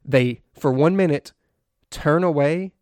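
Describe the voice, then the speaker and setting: A man's voice: a little high, slow pace, a little mellow, dry recording, studio quality. Easygoing man playing a tabletop game. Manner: easygoing, describes actions step by step. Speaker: player. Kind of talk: tabletop role-play chat.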